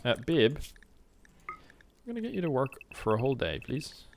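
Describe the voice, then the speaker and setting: A man's voice: mid-range voice, very animated, moderate pace, gravelly, slight background noise. A British man chatting casually with his live-stream viewers while playing a game, rambling and joking and humming to himself between remarks. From Britain.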